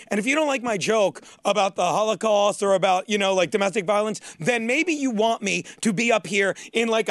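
Man, comedian podcast co-host, profane rant, high voice, dry close mic. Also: a bit bright, no room sound. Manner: profane, rants with sarcastic asides. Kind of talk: casual chat, ranting.

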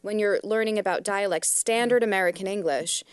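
A woman's voice: mid-range voice, a little fast, smooth, dry recording. A woman in a casual group chat who explains things thoughtfully, drawing on theater training.

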